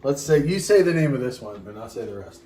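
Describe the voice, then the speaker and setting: A man's voice: mid-range voice, very animated, fast talker, dark tone, reverberant. A man co-hosting a casual show, joking and rambling while he mixes a drink, now and then singing in a silly way. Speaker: co-host mixing a drink. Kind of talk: casual chat.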